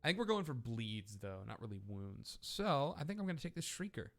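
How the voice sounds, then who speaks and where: A man's voice: medium pitch, very animated, a little fast. A man hosting a let's play, thinking aloud as he plays a deck-building card game. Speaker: gaming channel host.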